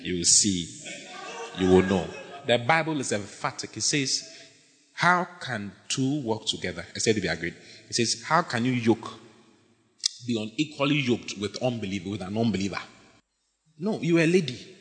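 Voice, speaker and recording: Animated pastor in echoing hall. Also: male voice, on the low side, normal speed, pauses often. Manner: animated, emphatic, often shouting and laughing. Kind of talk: sermon. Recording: long hall reverb.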